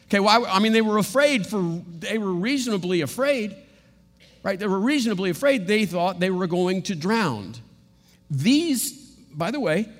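A male preacher with a high, very expressive voice that leaps up and down as he delivers a sermon. He talks animatedly, slipping into quick acted-out bits. His voice rings with the long reverb of a big hall. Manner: animated, acts out quotes in playful voices.

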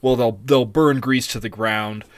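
A man's voice: medium pitch, steady tone, a little slow, no echo, clean studio sound. A man co-hosting a podcast, telling a story in a profane, rambling, casual way. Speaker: podcast co-host. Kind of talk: casual chat.

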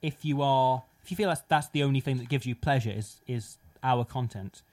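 A man's voice: medium pitch, brisk, darkish tone. A man co-hosting a podcast in casual comic chat with a mock-earnest delivery. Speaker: podcast co-host.

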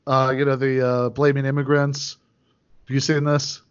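A man's voice: medium pitch, level tone, moderate pace, clean tone. A man talking as a podcast guest in casual chat, hesitant, with many fillers and restarts. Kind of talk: casual chat over a call. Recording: dull lo-fi sound.

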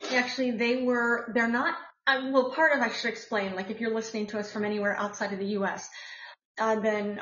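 An American woman hosts a casual podcast, rambling about the news with plenty of filler words. Her voice is on the high side, and the audio is dull with an echoey room.

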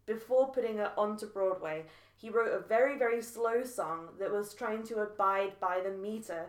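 A woman's voice: medium pitch, normal speed. A woman co-hosting a podcast, chatting casually and animatedly, laughing often. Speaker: podcast co-host. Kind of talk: casual chat. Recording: echoey room.

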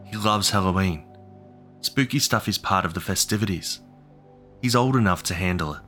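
A man playing a gentle coaxing dad. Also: deep voice, moderate pace, faint music behind. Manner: soothing, reassuring. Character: gentle coaxing father of a young boy. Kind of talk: horror audio drama narration.

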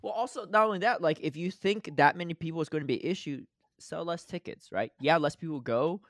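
A man's voice: fairly high pitch, a little fast, fairly bright tone, no echo. A man co-hosting a podcast in loose, laid-back casual chat. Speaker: podcast co-host.

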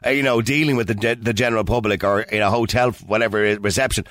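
Casting: Irish male radio host, brisk, lively, bone-dry studio sound. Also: on the low side, dry recording. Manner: animated, joking, laughs often. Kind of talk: phone-in radio talk.

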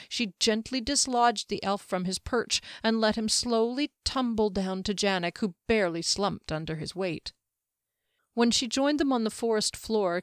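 Brief: female audiobook narrator, measured fantasy reading, dry close sound. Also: medium pitch, clear, resonant tone, no echo.

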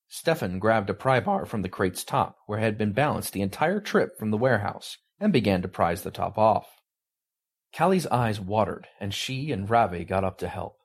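Low, husky male story reader. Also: moderate pace. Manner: expressive, animated delivery. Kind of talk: dramatic story reading.

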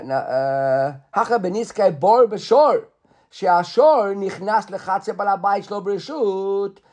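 High-voiced man teaching a Talmud class. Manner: explains step by step, checks in with listeners.

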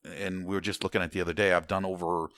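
A very deep-voiced American man talking in loose, casual conversation. He rambles, restarts his sentences often, and swears offhandedly. The sound is dry and close. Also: flat delivery, quick pace, a bit bright, dry recording. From United States. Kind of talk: casual chat.

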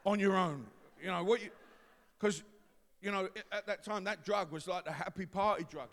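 A man with an East London accent preaching a testimony sermon, dropping to quiet confiding and building to loud shouts. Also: sits high, steady tone, normal speed, gravelly. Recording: long hall reverb.

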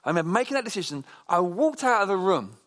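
A man delivers a relaxed sermon, his voice sitting a touch higher than most men's. He tells stories in a chatty, animated way, often restarting his sentences as he goes. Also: fast. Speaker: preacher. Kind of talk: conversational sermon with personal stories.

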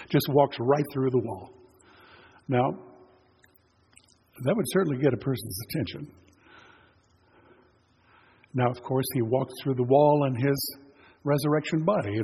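A man preaching in a church sanctuary, telling the story in an easygoing, conversational way. His voice sits at an ordinary middle pitch. It carries a long reverb from the hall, with a faint hiss of noise underneath. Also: vocal fry, dark tone. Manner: conversational storytelling, retelling scripture in plain words. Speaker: pastor. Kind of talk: sermon.

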